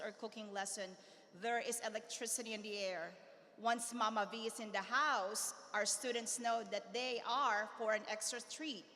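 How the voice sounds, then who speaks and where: A woman's voice: a little high, sharp tone. A woman reading a formal introduction of a speaker at a school ceremony, stumbling now and then. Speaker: school presenter. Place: large hall. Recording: hall reverb, faint noise.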